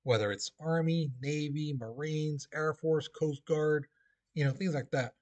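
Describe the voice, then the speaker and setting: A man's voice: on the high side, fairly even intonation, a little slow, a little mellow, highs cut off. A male teacher giving a casual classroom history lecture, full of fillers and "okay?" check-ins.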